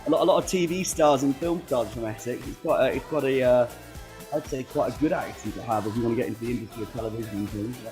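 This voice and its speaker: A man's voice: mid-range voice, fast, a little mellow, soft background music. A young man co-hosting a school radio show in casual chat. He laughs often and restarts his sentences.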